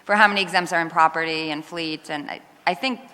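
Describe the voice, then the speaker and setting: A woman official answers questions at a council hearing in a low, bright voice. She is measured and hesitant, with frequent ums. The sound carries a long reverb from a council chamber. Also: steady tone. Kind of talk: formal testimony answering questions.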